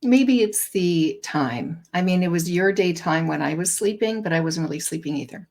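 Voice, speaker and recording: A woman co-hosting a podcast, chatting in a relaxed, animated way. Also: on the low side, moderate pace. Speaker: podcast co-host. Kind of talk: casual conversation.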